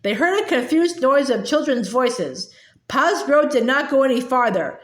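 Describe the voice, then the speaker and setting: A woman reading a children's book aloud in a halting way, with fillers and restarts. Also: high voice, animated. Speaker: reader. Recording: echoey room.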